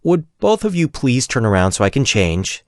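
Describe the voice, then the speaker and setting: A man voicing a spirited, quick-tempered young woman adventurer in an audiobook, raising his voice to sound lighter. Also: mid-range voice, big pitch swings, dry recording, clean studio sound, pitched above the performer's own voice. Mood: bright.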